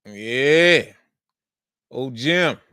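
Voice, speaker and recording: A man's voice: medium pitch, lively intonation, drawn-out words, bright, forceful tone, clear, resonant tone, dry recording, studio quality. A man hosting a sports show, talking casually and emphatically about football and repeating his points. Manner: repetitive, emphatic, colloquial.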